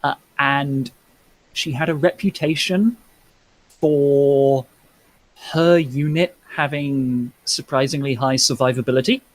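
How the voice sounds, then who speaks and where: Halting male game master. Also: medium pitch, fairly even intonation, no echo, low-quality recording. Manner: halting, descriptive narration. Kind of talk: narrating a tabletop game.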